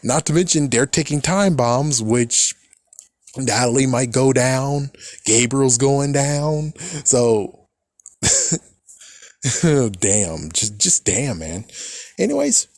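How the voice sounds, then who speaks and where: A man talks through a cartoon plot in loose, casual commentary, peppering it with swears and loud exasperated outbursts. His voice sits at an ordinary middle pitch. The recording is dry, with no room sound. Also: very slow, long pauses, no echo. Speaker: reaction commentator. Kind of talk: casual recap and reaction.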